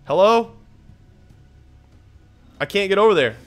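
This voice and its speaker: A man's voice: a little high, lively intonation, a little fast, fairly bright tone. A young man giving rambling, casual commentary over his own card-game play, swearing freely and jumping between topics. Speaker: gaming video creator.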